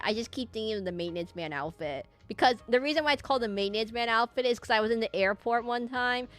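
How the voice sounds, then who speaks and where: A woman's voice: on the high side, a bit bright. Young woman, casual gameplay streamer, chatty and giggly, faint game music underneath. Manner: rambling, laughing, talking to chat.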